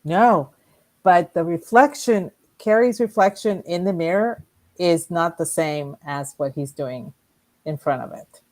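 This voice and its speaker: Woman, podcast co-host, lowish voice, slow unhurried speech, laughs a lot. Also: darkish tone. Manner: laughs often, speaks slowly and evenly. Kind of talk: casual chat.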